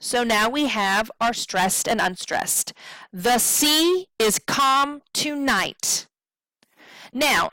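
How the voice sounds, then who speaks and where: A woman's voice: a little high, sharp tone, dry recording, rough recording. A woman teaching a poetry lesson, patiently counting syllables aloud and checking in with her students.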